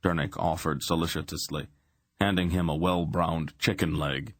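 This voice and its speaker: A male audiobook narrator with a low voice reads a fantasy novel in a steady, measured way. The recording is close and dry. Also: no room sound.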